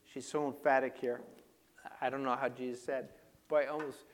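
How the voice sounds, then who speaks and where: A man preaching a sermon with slides, moving from quiet reflection to loud, emphatic passages. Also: medium pitch, flat delivery, normal speed, a little hiss or hum. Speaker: pastor.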